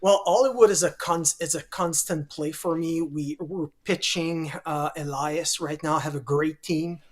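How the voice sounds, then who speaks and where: A man's voice: on the high side, fairly even intonation, normal speed. A man with a French Canadian accent and French as his first language, speaking modestly as a guest author in a casual interview. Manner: modest, self-deprecating.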